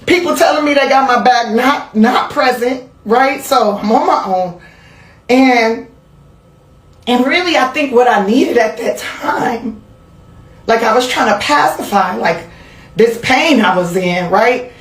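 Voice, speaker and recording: A woman telling a candid personal story in a casual interview, animated and profane, laughing as she goes. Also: on the high side, unhurried, roomy sound. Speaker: interview guest.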